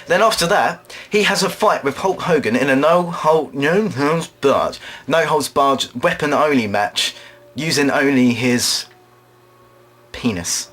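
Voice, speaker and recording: A man performing an absurd comic monologue, rambling along in a deadpan way and now and then putting on quick voices. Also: on the high side. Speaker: drama student performer.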